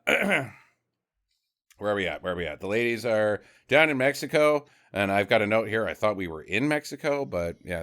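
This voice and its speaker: A man's voice: lowish voice, fairly bright tone, smooth. A man casually recapping a bad movie on a podcast, rambling with dry sarcastic asides.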